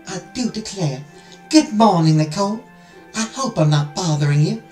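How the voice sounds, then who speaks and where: Sweet Southern-belle princess. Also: male voice, high voice, animated, normal speed, darkish tone, reverberant, faint music behind, pitched above the performer's own voice, poor audio. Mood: sweet, gushing. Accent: Southern US, put on. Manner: gushing, affectionate, earnest. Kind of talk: reading a visual novel aloud, voicing characters.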